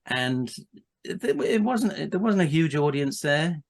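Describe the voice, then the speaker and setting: A man's voice: fairly high pitch, lively intonation, slow. A man, a podcast guest, telling a casual anecdote with frequent restarts, asides and laughter.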